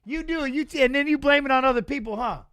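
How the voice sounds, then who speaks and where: Excitable high-voiced man hosting a stream. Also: fast talker. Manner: excitable, slangy, teasing the chat. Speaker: watch-along host. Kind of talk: casual live-stream fight commentary.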